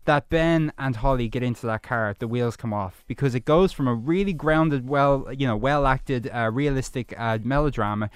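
A man, a film critic reviewing movies in a radio studio chat, rattling off fluent plot summaries with quick asides. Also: medium pitch, clear, resonant tone, no room sound.

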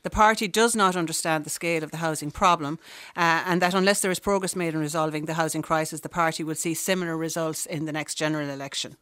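A woman presenting live radio, brisk, cutting in on guests to keep to time. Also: low-pitched, fairly even intonation, fairly bright tone, clear, resonant tone, dry recording, clean studio sound.

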